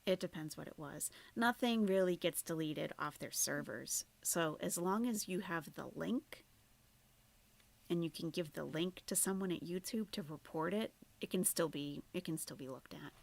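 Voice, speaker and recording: A woman's voice: on the low side, normal speed, creaky. A woman doing casual live-stream commentary, chatty and trailing off, sometimes dropping to near-whispers. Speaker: commentary streamer reacting to a video.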